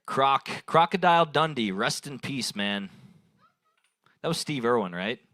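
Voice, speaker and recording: Animated man riffing through stand-up crowd work. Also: medium pitch, measured pace, no echo. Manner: rambling, riffs on audience suggestions, laughs at own jokes. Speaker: stand-up comedian at an open mic. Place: bar stage at an open mic night.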